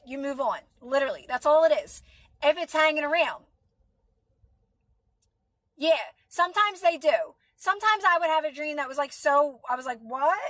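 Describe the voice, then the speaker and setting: A woman's voice: high-pitched, bright, forceful tone, no echo. A woman with a Philadelphia accent, a mother and manifestation coach chatting on a livestream, reassuring viewers and answering their comments by name. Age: adult.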